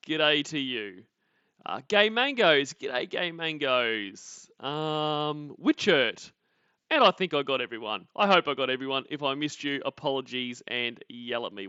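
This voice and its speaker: Aussie guy streaming, calling out chat names, smooth crisp voice, dry close sound. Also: medium pitch, bright, forceful tone, dry recording. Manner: greets viewers by name, chatty and joking. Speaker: livestream host. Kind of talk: casual livestream chat. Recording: dull lo-fi sound.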